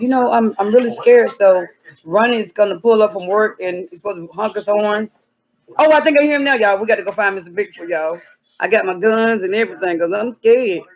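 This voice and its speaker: Woman vlogger, gravelly and excitable, hamming it up outdoors on a muffled phone recording. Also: medium pitch. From North Carolina. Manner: dramatic, excitable, slangy, with sudden yelps. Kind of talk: playful spoof search vlog. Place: outdoors in the cold.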